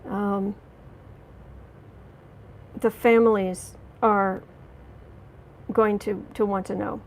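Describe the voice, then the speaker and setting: A woman hosting a live tarot stream, reading cards and answering chat, angry but trying to stay calm, halting with fillers and restarts. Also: medium pitch. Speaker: tarot reader and livestream host.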